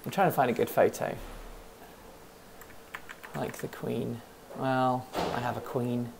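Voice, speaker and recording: Low gravelly woman chatting on a stream. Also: steady tone, slow pace, a little mellow, slight background noise. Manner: rambling, thinks aloud, answers chat questions. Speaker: host of a livestream hangout. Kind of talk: casual live-stream chat. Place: office.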